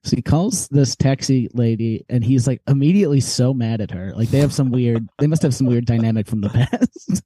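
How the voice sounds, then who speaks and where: A man's voice: medium pitch, a little fast, few pauses, husky, dry recording. A young man co-hosting a podcast, telling a long story in casual chat, acting out the people in it and laughing often. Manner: animated storyteller, acts out quoted voices, laughs often. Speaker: podcast co-host.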